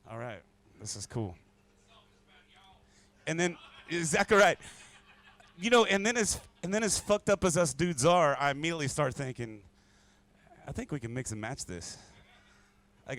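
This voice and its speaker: A man's voice: medium pitch, fairly bright tone. A man who is a musician guest, drinking whiskey and chatting casually between songs in a rambling, crude, joking way.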